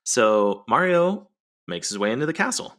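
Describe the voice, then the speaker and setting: A man's voice: mid-range voice, sing-song, normal speed, a bit bright. A man co-hosting a podcast, playfully recapping a movie's plot and teasing his co-host.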